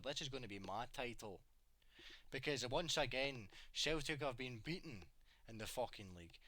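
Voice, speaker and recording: A man's voice: mid-range voice, sharp tone, dry recording. A young man giving an exasperated, sweary rant about his football club, full of rhetorical questions. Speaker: football fan vlogger. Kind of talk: angry opinion rant.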